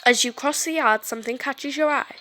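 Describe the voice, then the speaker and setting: A woman reading a story game aloud, animated and stumbling over words now and then. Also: high voice, a little fast, soft background music. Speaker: game streamer.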